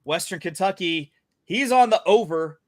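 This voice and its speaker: A man's voice: sits high, lively intonation, normal speed, dry recording, clean studio sound. A man hosting a casual sports betting chat, talking in a chatty, playful way with frequent fillers. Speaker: podcast host.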